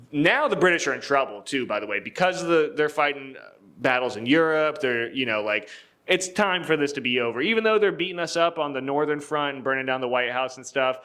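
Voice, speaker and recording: A man's voice: mid-range voice, bright, forceful tone. Young guy podcast cohost telling history, cursing, laughing, doing silly voices for people. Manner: loose and profane, acts out quotes in jokey voices; laughs often, many fillers and restarts. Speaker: podcast co-host. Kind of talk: casual history storytelling.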